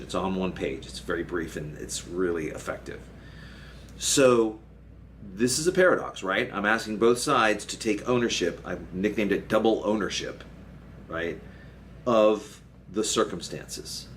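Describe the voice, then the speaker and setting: A man, a marriage and family therapist, explaining an idea in a relaxed conversational way and checking in often with "okay?" and "right?". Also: fairly low pitch. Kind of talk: solo explainer talk to camera. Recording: faint background noise.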